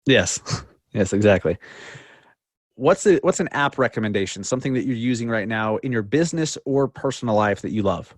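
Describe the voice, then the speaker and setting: A man hosting a podcast, asking questions in a relaxed, easygoing way. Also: on the low side, brisk, dry recording, clean studio sound. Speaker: podcast host. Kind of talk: casual interview.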